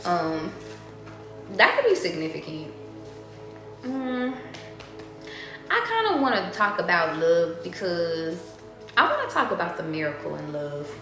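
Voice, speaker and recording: In a very echoey room with faint music behind her, a tarot reader rambles through casual stories, cursing without restraint and laughing often. Her voice is mid-range and a bit bright.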